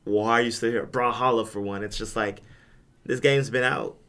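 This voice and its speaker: Young male co-host, loose rambling delivery with frequent restarts, average pitch. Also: fairly even intonation, moderate pace, fairly bright tone. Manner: rambling, stumbles and repeats words. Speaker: podcast co-host back from a gaming convention. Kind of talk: casual chat.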